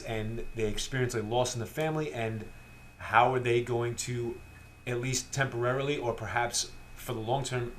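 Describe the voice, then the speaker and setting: A man co-hosting a film review podcast, chatting casually and acting out lines from scenes as he retells them. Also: a little hiss or hum. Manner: animated retelling, acts out quotes in high voices. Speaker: podcast co-host, film critic.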